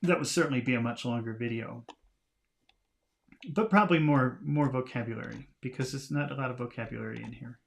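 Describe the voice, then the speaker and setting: A man's voice: mid-range voice, fairly quick, gravelly. A man teaching English, reading a storybook aloud and patiently explaining its words with small laughs, streaming live from home.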